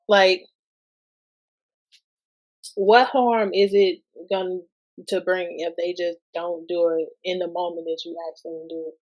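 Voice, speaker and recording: A woman's voice: lowish voice, little pitch movement, darkish tone. A woman, guest-hosting a podcast and talking casually about parenting, asking lots of rhetorical questions. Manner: slow, conversational, asks many rhetorical questions.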